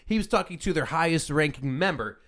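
A man's voice: a little high, animated, brisk, fairly bright tone. A man co-hosting a podcast in casual chat, easygoing and fond of crude jokes. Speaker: podcast co-host.

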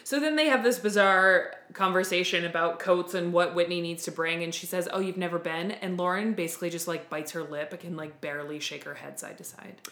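A woman's voice: lowish voice, a little fast, few pauses, sharp tone. A woman co-hosting a podcast, recapping a TV episode in a dry, wry, chatty way. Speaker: podcast co-host. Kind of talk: casual recap chat. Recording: roomy echo.

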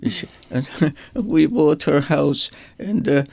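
An older man who is an artist, telling personal memories in a halting way and repeating words as he searches for them. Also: fairly high pitch, animated, vocal fry, a little mellow, no echo. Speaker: artist guest. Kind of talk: rambling personal reminiscence.

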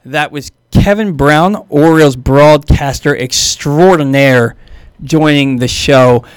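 A man's voice: a little high, takes it slowly, smooth, no room sound. A man hosting a sports talk radio show, chatting enthusiastically and reading sponsor plugs.

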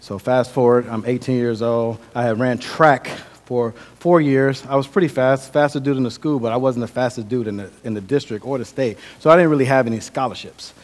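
A man's voice: mid-range voice, fairly even intonation, a little fast, hardly any pauses. A young man from the American Midwest giving a sermon, telling his life story with earnest energy that rises and drops. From Milwaukee, Wisconsin. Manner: earnest storytelling, shifting from loud to quiet. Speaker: preacher. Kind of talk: sermon with personal testimony.

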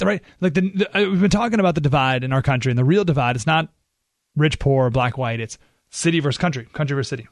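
A man hosting a political talk radio show, talking in an animated, sarcastic way. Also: medium pitch, no room sound, studio quality. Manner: animated, sarcastic, acts out quoted voices.

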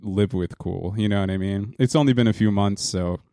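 A man's voice: lowish voice, mellow, dry recording. A man in his thirties from New Jersey, co-hosting a podcast in a casual, rambling chat full of restarts, recorded in his parents' home music studio. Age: 30s. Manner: rambling, halting, laughs often. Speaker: podcast co-host. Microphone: podcast mic in a small home studio.

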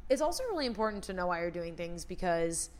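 A woman's voice: lowish voice, very animated, fast talker. A young adult woman talking candidly in a casual chat. She swears freely and often acts out her own thoughts.

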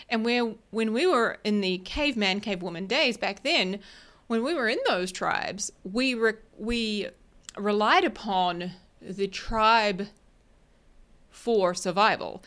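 A woman life coach talks straight to her listeners in a loose, chatty solo podcast. She keeps checking in with "right?" and drifts into tangents. Her voice sits at an ordinary middle pitch. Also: fairly bright tone. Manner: chatty, keeps asking "right?", laughs at herself. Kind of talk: casual solo podcast talk.

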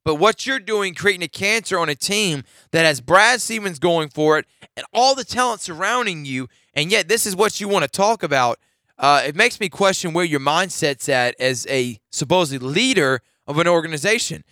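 A man's voice: a little high, expressive, moderate pace, bright, forceful tone, no echo, clean studio sound. Fired-up man hosting a sports talk show. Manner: opinionated, builds to emphatic rants. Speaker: sports talk radio host.

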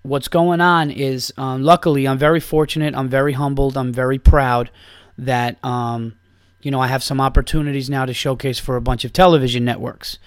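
A man in a casual podcast monologue, rambling and swearing freely as he tells a story, circling back and restarting his sentences. His pitch sits right in the middle for a man. The sound is close and dry, with no room around it. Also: fairly even intonation, normal speed, clear, resonant tone, no echo. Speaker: podcast host and stand-up comedian.

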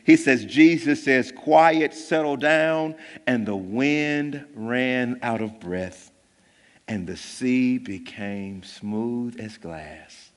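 A male pastor preaching a sermon in a conversational way, jumping between loud bursts and hushed lines and acting out the voices of people in the story. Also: mid-range voice, takes it slowly. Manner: conversational, acts out voices of disciples. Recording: long hall reverb.

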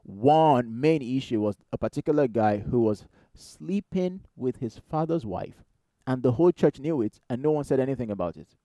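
A man preaching a sermon in a conversational, animated way, firing rhetorical questions at the congregation. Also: medium pitch, moderate pace, dry recording. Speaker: pastor.

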